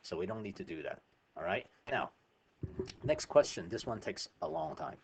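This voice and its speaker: A man's voice: sits low, lively intonation, normal speed, a little hiss or hum. A man teaching a math lesson over a screen recording, chatty and informal, often checking in with "right?".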